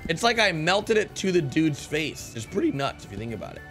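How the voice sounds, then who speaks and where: A young man giving excitable gameplay commentary, calling out to his viewers and exclaiming at what he finds. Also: fairly high pitch, fairly quick, faint music behind. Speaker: gaming YouTuber.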